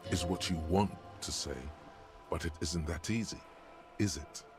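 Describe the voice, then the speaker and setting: A man's voice: deep voice, a little slow, music in the background. An actor playing a wry, mocking male narrator in a video game, describing scenes in a dry, sardonic way.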